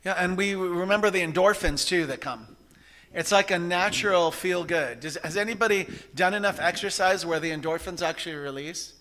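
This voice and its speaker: Male church service leader, bright, a little high, animated and chatty with shouting bursts. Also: fairly quick. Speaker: practitioner leading a service. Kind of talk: sermon. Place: church sanctuary.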